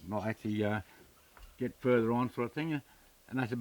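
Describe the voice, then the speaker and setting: A man's voice: medium pitch, brisk, a little mellow, no room sound, distant mic. Plain-spoken Australian man in his seventies. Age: 70s. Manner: plain-spoken, retells arguments with reported speech. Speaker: interviewee, community chair. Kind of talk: documentary interview storytelling.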